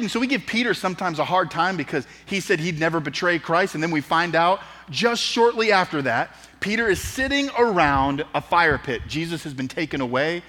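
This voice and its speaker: A man's voice: high-pitched, moderate pace. A man preaching a sermon, telling the story vividly and acting out the quotes in an auditorium. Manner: lively storytelling, acts out quotes. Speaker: pastor. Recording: long reverb in an auditorium.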